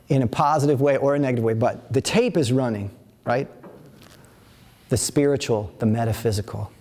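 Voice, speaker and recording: A man's voice: medium pitch, darkish tone. A man in his fifties teaching a live workshop, talking in a rambling, conversational way with many restarts and asides. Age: 50s. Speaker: qigong teacher leading a workshop. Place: events center before a live audience.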